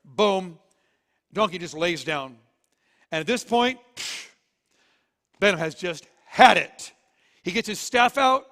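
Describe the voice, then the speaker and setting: A pastor preaching to his congregation, telling the story in a lively, joking way with a fairly high voice. The sound carries a long reverb from the church hall. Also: slow pace, long pauses. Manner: animated storytelling, jokey. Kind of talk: sermon. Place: church auditorium.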